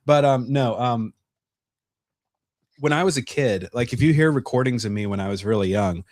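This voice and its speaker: A man from North Carolina, a guest on a casual livestream chat, telling stories in a relaxed way and laughing often. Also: mid-range voice, normal speed, no echo, studio quality. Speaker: guest co-host.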